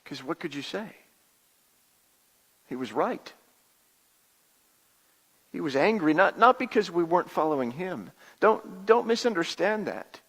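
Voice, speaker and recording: Male pastor as a wary Israelite dad, high voice, church-hall reverb, halting storyteller. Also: very animated, fairly bright tone, slightly rough, full character voice. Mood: reflective. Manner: storytelling, confiding, halting repeats. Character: humble Israelite father, wary, plainspoken. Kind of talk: first-person dramatic monologue.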